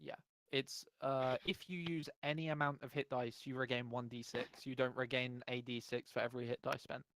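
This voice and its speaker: A man running an online tabletop game as dungeon master, blunt and quick to set the rules straight. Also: medium pitch, little pitch movement, fairly bright tone, no room sound.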